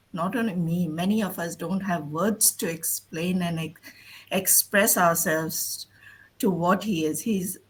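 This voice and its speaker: A woman speaks slowly and earnestly on a video call, searching for the right words. Her voice is breathy and slightly low. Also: a bit bright, poor audio. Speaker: guest on a live call. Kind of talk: heartfelt birthday tribute.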